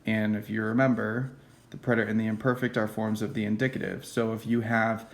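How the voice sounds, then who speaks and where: A man's voice: on the low side, slight background noise, rough recording. Casual man teaching a class. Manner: casual, checks understanding with "okay?" and "right?"; drops into quiet whispered asides. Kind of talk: classroom lecture.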